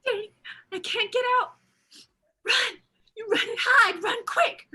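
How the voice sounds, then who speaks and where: A man voicing a terrified woman, shrill and desperate, begging for her life. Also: measured pace, bright, forceful tone, heavily acted. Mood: terrified pleading.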